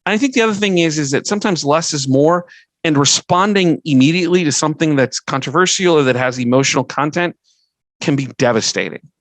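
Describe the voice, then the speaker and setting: A man's voice: fairly high pitch, a little fast, fairly bright tone, no room sound, low-quality recording. A middle-aged man hosting a podcast, giving earnest advice in a conversational way, listing his points and often restarting a sentence. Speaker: podcast host and fundraising consultant.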